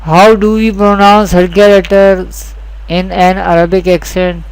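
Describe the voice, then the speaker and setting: A man teaching Quran reading rules in a slow, deliberate lesson, repeating each key point and speaking English with a South Asian accent. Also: high-pitched, level tone, clean tone, dry recording, poor audio. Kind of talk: slow scripted lesson narration.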